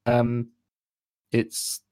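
A man's voice: extremely slow, darkish tone, no room sound. Chatty English man on a dry mic. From England. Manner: chatty, filler-heavy, rambling. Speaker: guest. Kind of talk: casual chat.

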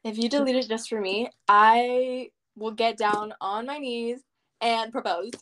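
Playful higher-voiced young woman. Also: steady tone, a little slow, a bit bright. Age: young adult. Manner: playful, dramatic, teasing. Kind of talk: casual chat.

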